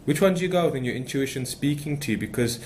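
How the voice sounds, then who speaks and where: Man, meditation teacher, emphatic, rambling, mid pitch, light background hiss. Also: quick pace, darkish tone. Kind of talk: unscripted spiritual talk.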